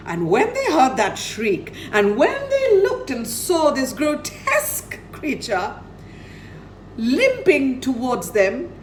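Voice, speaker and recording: A woman's voice: a little high, a little mellow, slight background noise, low-quality recording. A woman telling a children's story dramatically, dropping to near-whispers for effect.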